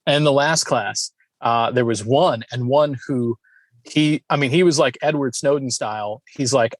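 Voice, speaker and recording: A man co-hosting a podcast in casual chat, telling stories in an animated way and laughing often. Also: medium pitch, unhurried, dry recording. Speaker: podcast co-host.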